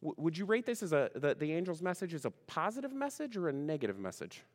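A man's voice: a little high, big pitch swings, fast. A man preaching a sermon as pastor, chatty and full of questions to the congregation, greeting online viewers by name. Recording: long reverb of a large room.

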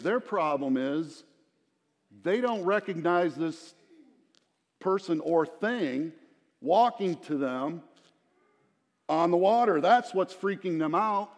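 A middle-aged man giving a sermon, talking with his listeners, breaking into asides and retelling the scene as a story. His voice sits a little high for a man. The sound trails off in a long hall reverb. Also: lively intonation, takes it slowly, pauses often. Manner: conversational, storytelling preacher with asides to the congregation. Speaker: pastor.

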